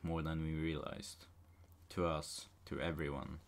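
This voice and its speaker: A man reading the part of an earnest male bee hero giving a rallying speech, in a flat monotone. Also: a bass voice, unhurried, gravelly, exaggerated voice. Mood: deadpan.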